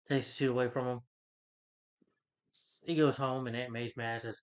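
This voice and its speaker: A man's voice: mid-range voice, little pitch movement, moderate pace, pauses often, muffled recording. A man casually recapping a film. He rambles, corrects himself and retells scenes with quotes. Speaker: film reviewer.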